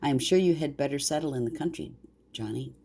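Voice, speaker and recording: An older woman voicing a gentle, homesick male country mouse in a bedtime story, speaking softly and earnestly. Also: deep voice, quick pace, slightly rough. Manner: soft and earnest.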